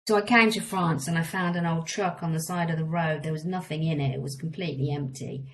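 A woman's voice: low voice, fairly even intonation, brisk, rough recording. A middle-aged woman tells her life story in a frank, meandering way, often restarting her sentences. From England. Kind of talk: candid personal storytelling.

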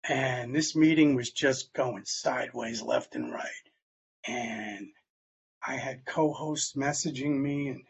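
A man's voice: mid-range voice, takes it slowly, breathy edge, highs cut off. Older man telling his recovery story. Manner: conversational storytelling, acts out quoted dialogue. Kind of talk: personal testimony talk.

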